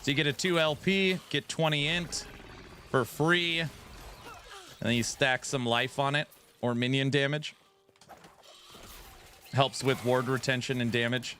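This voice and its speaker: A man's voice: medium pitch, a little slow, pauses often, sharp tone, a little hiss or hum. A man streaming a game build, chatting casually with his viewers in a self-mocking, talk-back way. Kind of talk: casual live-stream chat while gaming.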